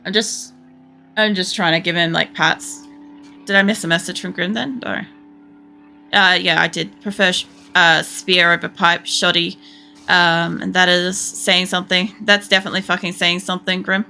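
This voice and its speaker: Gravelly bright-voiced woman streamer. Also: on the low side, flat delivery, moderate pace, soft background music. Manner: rambling and sweary, lots of fillers. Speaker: game streamer. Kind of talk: casual chat while gaming.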